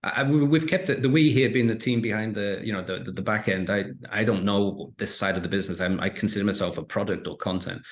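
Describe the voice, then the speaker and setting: Podcast guest: middle-aged man, very deep voice, lively anecdotal delivery with frequent restarts. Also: fast talker, hardly any pauses. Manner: animated storytelling with frequent restarts. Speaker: interview guest, entrepreneur and author. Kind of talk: casual podcast interview.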